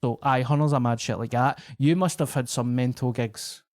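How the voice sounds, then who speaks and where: A man's voice: medium pitch, moderate pace, no room sound, clean studio sound. Scottish man telling a wild gig story. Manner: animated, swearing, acting out quoted locals. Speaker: guest comedian. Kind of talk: casual podcast storytelling.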